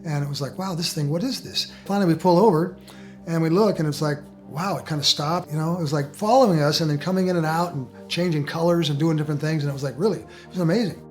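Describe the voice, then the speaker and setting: Fast-talking man recounting a sighting. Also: a little high, faint music behind. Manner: excited, fast storytelling. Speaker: interviewee. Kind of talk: documentary interview recounting a sighting.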